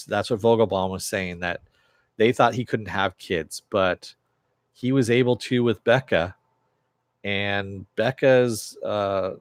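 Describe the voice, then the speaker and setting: A man casually recapping a TV episode scene by scene, acting out the characters' lines with lots of "he goes" and swearing freely when excited. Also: lowish voice, no room sound. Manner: excitable and profane. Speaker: TV episode reviewer.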